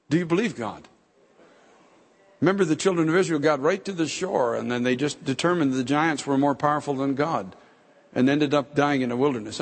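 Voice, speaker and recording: A man's voice: on the high side, breathy edge, big-room sound. A man preaching a fervent sermon as pastor, urging his congregation with repeated calls. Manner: fervent, repetitive exhortation.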